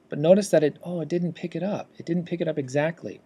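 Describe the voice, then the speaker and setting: A man's voice: fairly high pitch, brisk, slightly rough. Man explaining a screencast tutorial. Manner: explanatory, steady teacherly delivery. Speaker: assistive technology instructor. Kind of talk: instructional screencast walkthrough.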